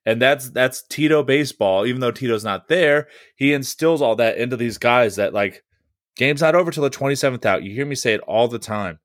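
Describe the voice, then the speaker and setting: A man recaps his team's games on a fan podcast in an easygoing, rambling way. He swears freely and fills pauses with "uh" and "like". The sound is dry and close. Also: medium pitch, no echo. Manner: loose and profane, many fillers. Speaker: podcast co-host. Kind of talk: casual sports podcast chat.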